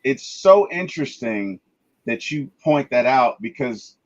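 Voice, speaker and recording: A man's voice: medium pitch, lively intonation, measured pace, muffled recording. A man chatting casually in a movie review, emphatic, stammering and restarting as he retells scenes.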